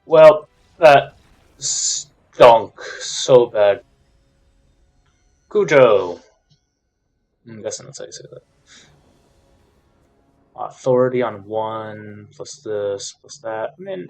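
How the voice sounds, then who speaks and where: A man giving casual commentary over a card game match, frustrated, swinging between loud complaints and quiet muttered counting. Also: on the low side, slow, pauses often.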